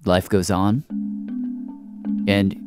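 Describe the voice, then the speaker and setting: A man's voice: deep voice, little pitch movement, extremely slow, soft background music. A man hosting a documentary show, narrating in a conversational way and reacting briefly to the story. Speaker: radio show host.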